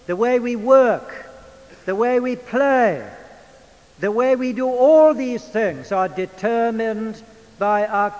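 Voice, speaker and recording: An older man with an English accent preaching a sermon in a church, in a measured, emphatic manner. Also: high voice, a little mellow. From England. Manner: measured, emphatic delivery with drawn-out phrases. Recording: long church reverb.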